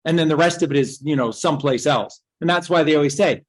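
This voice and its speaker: A woman's voice: deep voice, fast, few pauses, poor audio. Woman speaker, rambling lecture, emphatic with rhetorical questions, swears freely. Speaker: speaker giving a talk.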